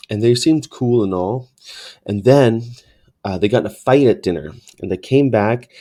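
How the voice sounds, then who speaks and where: A man's voice: on the low side, warm tone. A man telling a comedic story in a rambling, profane way, with frequent restarts.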